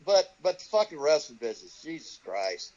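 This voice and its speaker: A man's voice: fairly high pitch, big pitch swings, moderate pace, a little mellow. An older man who trains wrestlers, telling profane stories in an interview and acting out the voices of the people he quotes. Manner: swears constantly, acts out quoted voices. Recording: dull lo-fi audio.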